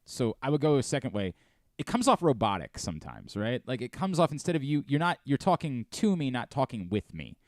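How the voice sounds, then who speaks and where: A man's voice: medium pitch, fairly quick, no room sound. A man hosting a radio show in casual studio chat, talking in a rambling way and interrupting himself. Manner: animated, rambling, self-interrupting. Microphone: studio mic.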